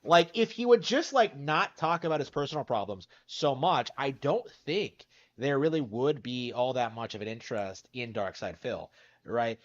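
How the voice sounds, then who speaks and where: A man's voice: medium pitch, lively intonation, normal speed. Rambling male commentator, dull audio. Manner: rambling with many "like" fillers. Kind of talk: video commentary.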